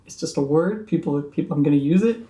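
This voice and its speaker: A man playing a tabletop game, speaking in character in an earnest, measured way. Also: fairly high pitch, mellow. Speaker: player. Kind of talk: in-character roleplay. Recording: echoey room.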